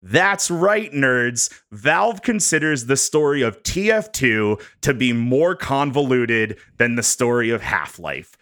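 Male podcast host, bright and animated, jokey presenter of notes. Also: mid-range voice, takes it slowly, few pauses. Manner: animated, jokey, reads prepared bullet points. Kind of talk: casual podcast chat.

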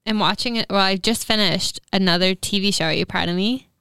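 Young woman podcast co-host, playful, self-mocking, very clear voice, dry sound. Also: medium pitch, fairly quick, sharp tone, dry recording. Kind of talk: casual chat.

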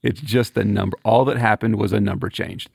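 A man co-hosting a podcast in a casual, animated chat, laughing often and restarting his sentences. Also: fairly low pitch, fairly quick, vocal fry, husky, no echo, clean studio sound. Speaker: podcast co-host.

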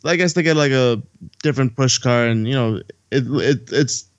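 A man's voice: medium pitch, normal speed, clear, resonant tone, dry recording, highs cut off. Rambling man in a casual chat. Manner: rambling, swears casually, acts out dialogue. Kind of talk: casual movie recap chat.

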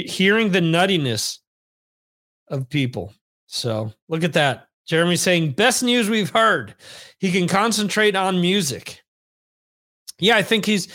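A man's voice: a little high, fairly bright tone. A man hosting a podcast, chatting casually and reading viewer comments aloud. He rambles and jokes, often stopping to correct himself. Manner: rambling, joking, frequent self-corrections. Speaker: podcast host.

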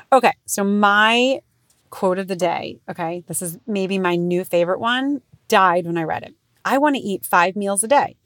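A woman in her thirties hosts her own podcast and talks in a frank, profane, self-mocking way. When she quotes herself, her voice jumps up into high squeals. The sound is close and dry, with no room around it. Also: fairly bright tone, dry recording. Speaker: podcast host. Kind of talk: casual comedic monologue.

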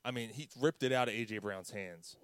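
A man's voice: lowish voice, a little fast, smooth. A man, a podcast co-host telling a story in blunt, profane casual sports chat.

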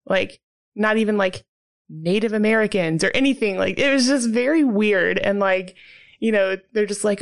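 Woman rambling about a bad movie, giggly, says like a lot, middle pitch. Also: moderate pace, gravelly. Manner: chatty, laughing often, heavy use of "like". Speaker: podcast co-host reviewing a movie. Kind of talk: casual chat.

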